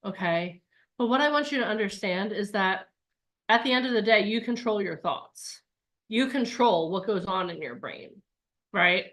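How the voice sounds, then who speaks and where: A woman's voice: mid-range voice, sharp tone. A woman coaching an online bootcamp, talking in an upbeat, chatty way and acting out the voices of people's inner thoughts. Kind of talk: live online workshop talk.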